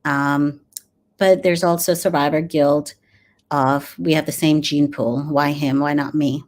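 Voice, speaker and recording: A woman in her forties with a notably low, deep voice speaks as an interview guest. She talks earnestly and reflectively, stopping often with pauses and fillers as she gathers her thoughts. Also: steady tone, a little mellow. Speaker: dentist and grief coach guest. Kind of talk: conversational interview.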